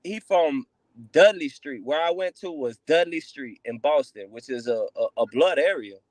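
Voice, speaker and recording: A man with a high voice speaking as a guest on a call. He talks bluntly and with lots of cursing, driving the same point home again and again. The sound is dry and close. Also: lively intonation, moderate pace, a little mellow, no echo. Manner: blunt, profane, emphatic, repeats points. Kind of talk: casual video-call chat.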